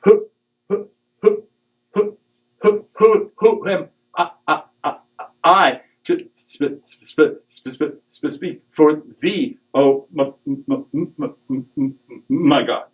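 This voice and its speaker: A man voicing an old male prophet who stutters heavily and pleads in high, halting bursts. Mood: pleading. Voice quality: heavy stutter. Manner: high, strained, halting pleas.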